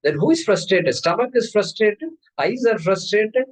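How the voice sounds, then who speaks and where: A man's voice: high voice, normal speed, few pauses, poor audio. A man giving a spiritual discourse as teacher, asking his listeners question after question. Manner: questioning, animated. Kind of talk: Vedanta discourse.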